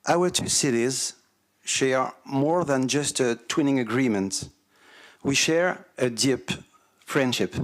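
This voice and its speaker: A man's voice: medium pitch, lively intonation. French-accented man giving a formal speech. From France. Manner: slow and deliberate, reading carefully. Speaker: visiting civic representative.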